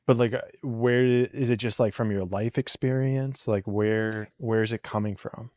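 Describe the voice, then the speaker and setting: A man hosting a podcast interview, asking curious, probing questions with halting restarts. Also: medium pitch, steady tone, darkish tone, dry recording. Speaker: podcast host. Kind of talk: conversational interview.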